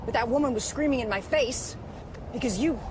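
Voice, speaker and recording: A woman's voice: a little high, a little fast, close to an everyday voice. An actress playing a hard-edged, fed-up female police chief who barks angry orders in a TV drama. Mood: bitter. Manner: angry, profane, barking orders. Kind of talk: TV drama acting. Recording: noisy TV clip played back.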